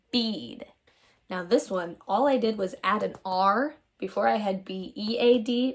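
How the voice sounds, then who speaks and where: Speaking at a medium pitch, this woman teaches phonics to little ones with cheerful warmth. She stretches the sounds out long and calls her pupils "my friends."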